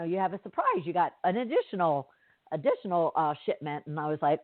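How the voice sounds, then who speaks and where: A woman's voice: fairly low pitch, expressive, moderate pace, dry recording. A woman podcast host telling a story in a chatty, rambling way with many fillers and asides. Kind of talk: casual storytelling monologue. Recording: dry, tinny phone-like line.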